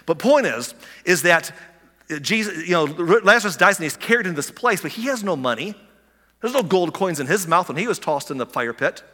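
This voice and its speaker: Preacher guy mid sermon, bright punchy voice, keeps restarting and asking the crowd questions, long echo off the church hall. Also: high-pitched, a little fast. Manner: excitable, restarts often, rhetorical questions. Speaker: pastor.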